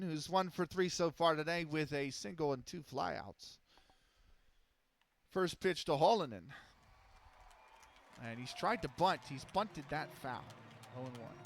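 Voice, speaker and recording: Streamer man, slightly high voice, dry close sound, steady play-by-play with ums and self-corrections. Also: no echo. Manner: steady, measured calls with frequent fillers and self-corrections. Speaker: streamer calling a simulated baseball game. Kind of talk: casual play-by-play commentary.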